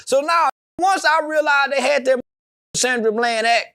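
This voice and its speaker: A brash, profane man speaks in an unusually high voice, his clear in every line. He rambles loosely from one point to the next, answering as a guest in a casual interview. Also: a little slow, bright, forceful tone.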